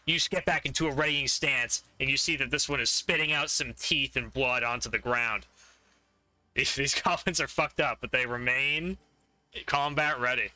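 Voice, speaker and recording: A man's voice: mid-range voice, moderate pace, sharp tone, dry recording. A man narrating a tabletop game as game master, describing the fight vividly and laughing often.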